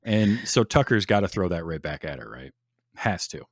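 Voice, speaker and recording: A man's voice: sits low, lively intonation, normal speed, dry recording, clean studio sound. A man hosting a podcast in casual chat, enthusiastic, laughing often and restarting his sentences. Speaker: podcast host.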